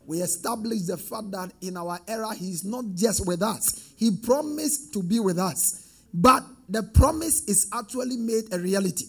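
A man's voice: sits high, moderate pace, fairly bright tone, breathy edge, soft background music. A man preaching a sermon with call-and-response, rising into sing-song emphatic swells.

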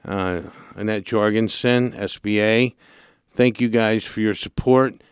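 A man hosting a radio show about mortgages, telling a client story in a lively, chatty way and acting out the calls. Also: lowish voice, a little slow, clear, resonant tone, no echo, studio quality. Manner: animated storyteller, acts out callers' lines. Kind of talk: casual radio talk, storytelling.

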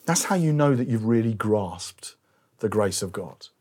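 Preaching a sermon, a middle-aged male pastor with a lowish, husky voice speaks at a measured pace. His storytelling features lively acted-out quotes, and now and then he lowers his voice to a hush.

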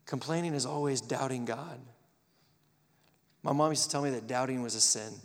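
A man preaching a live sermon, animated and acting out the quotes and stories he tells. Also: medium pitch, moderate pace, in a large hall.

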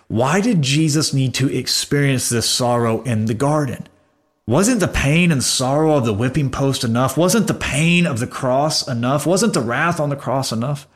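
A man preaching a sermon, earnest, rising for emphasis and dropping to hushed low lines.

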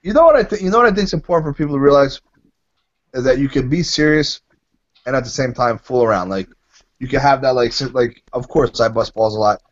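Man, animated and foul-mouthed storyteller, mid-range voice, slightly muffled recording. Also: mid-range voice, fast talker. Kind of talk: casual podcast chat.

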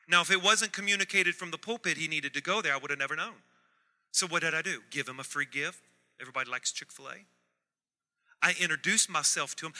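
Pastor guy preaching in a church, bright ringing voice, quiet asides then big loud repeats. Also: on the high side, fast talker. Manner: swings from soft asides to loud emphatic repetition. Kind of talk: sermon. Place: church sanctuary. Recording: reverberant church hall.

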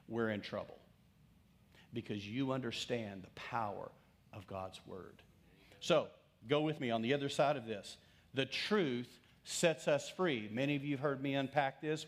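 A middle-aged man preaching a sermon as pastor, conversational, swinging from loud emphasis to hushed, slowed lines. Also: medium pitch.

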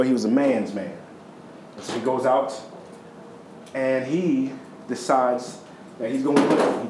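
A man preaching a sermon, retelling a story in a conversational way with sudden high, emphatic stretches and low, quiet ones. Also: reverberant, a little hiss or hum, rough recording.

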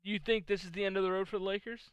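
A man's voice: high voice, steady tone, racing, clean tone, dry recording. A man co-hosting a sports podcast in casual chat, jokey and self-deprecating, laughing often. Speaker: podcast co-host.

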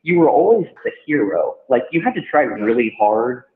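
A man's voice: medium pitch, very animated, normal speed. A man, a hotel general manager, talking casually in an interview, rambling with many restarts. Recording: tinny phone-line sound in an echoey room.

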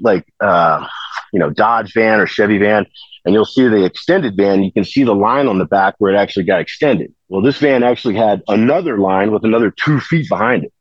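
A man with a fairly low voice tells a long story in a casual, rambling way, often circling back on himself. The sound is dry and slightly muffled, as if from a modest mic with the highs cut. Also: no room sound. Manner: rambling, full of "you know" fillers and restarts. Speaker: podcast guest telling stories.

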